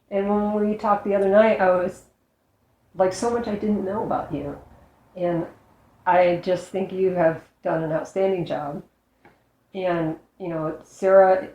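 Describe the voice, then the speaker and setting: A woman's voice: fairly low pitch, darkish tone, reverberant, dull audio. A woman hosting an interview, sincerely addressing her guest in her closing remarks. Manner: earnest and sincere. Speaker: interview host.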